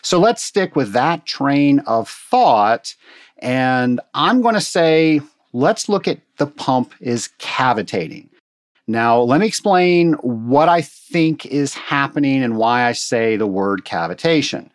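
A man talks through a technical problem in a relaxed, folksy teaching manner, explaining each step plainly and calling his listeners folks. His voice sits at an ordinary middle pitch for a man. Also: takes it slowly. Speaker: water treatment instructor answering a listener question. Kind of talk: casual instructional talk. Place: Atlanta.

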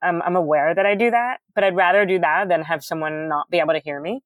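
Woman guest, middle-aged, lowish booming voice, crisp enunciation, candid chatty delivery, dry close sound. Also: fast, no room sound. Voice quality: loud, booming, enunciates carefully. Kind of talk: casual interview chat.

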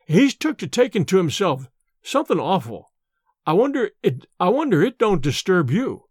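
A fretful old servant, put on by a man reading a storybook aloud, his voice pitched high and swinging with worry. He speaks deferentially with rough country grammar, and the recording is dry and close. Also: big pitch swings, moderate pace, no echo, exaggerated voice. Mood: worried. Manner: anxious, deferential, rustic grammar. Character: little wrinkled old male manservant, fretful and deferential.

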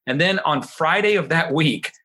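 A man's voice: on the high side, normal speed. A middle-aged man telling a story in casual chat, acting out the voices of the people he quotes. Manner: animated, acts out quoted voices.

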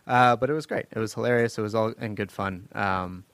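Hosting a laid-back podcast panel, a man in a fairly low voice spins loose stories peppered with fillers and laughs. He talks a little fast, and the close-miked audio is dry and clean, without any room sound.

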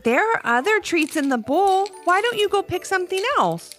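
A gentle, caring father from a children's storybook, read by a woman in her own voice, speaking encouragingly with a lively, expressive lilt. Faint music plays behind. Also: very high-pitched, moderate pace, pitched above the performer's own voice.

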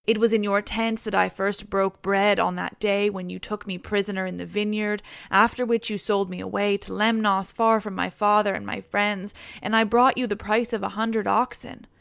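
A woman's voice: mid-range voice, fairly even intonation, moderate pace, creaky, few pauses, a bit bright, dry recording, studio quality. A woman reading the pleas of a desperate young male prince begging a warrior to spare his life. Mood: pleading. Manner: pleading.

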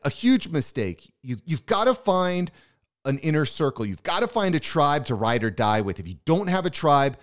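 A man talking alone on his business podcast, getting fired up and emphatic as he goes. His pitch swings a lot, rising and dropping between points. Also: very animated, moderate pace. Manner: pumped-up motivational, emphatic. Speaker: podcast host. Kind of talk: solo business podcast monologue.

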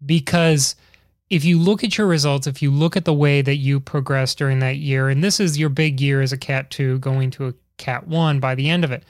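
A man's voice: medium pitch, fairly even intonation, normal speed, dry recording, clean studio sound. A man hosting an interview, asking long, rambling questions with chatty asides. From Chicago area. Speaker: podcast host. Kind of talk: casual interview.

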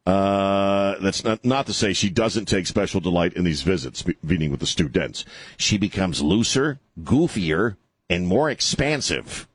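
A man's voice: low voice, animated, unhurried, husky, dry recording. A man hosting an opinionated political talk show, sarcastic and mocking, rambling with many fillers.

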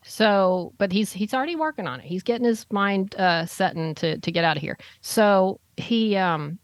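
A woman's voice: mid-range voice, animated, normal speed, no echo. A woman hosting a casual podcast chat, recapping an episode in a rambling way with many fillers and restarts.

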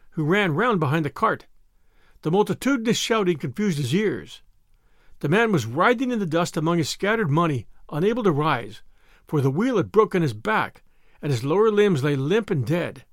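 A man narrating a classic novel as an audiobook, expressive and acting out the shouted lines. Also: a little high, dry recording, studio quality.

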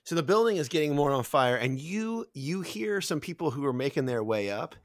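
A man's voice: fairly high pitch, sing-song, a little fast, no room sound, studio quality. A man narrating a tabletop game as game master, laid-back and amused.

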